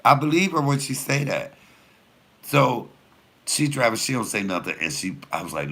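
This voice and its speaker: A man in his fifties, a comedian, telling a rowdy story in an animated way, acting out the quotes and swearing freely. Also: mid-range voice, normal speed. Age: 50s. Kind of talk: storytelling during a cooking chat.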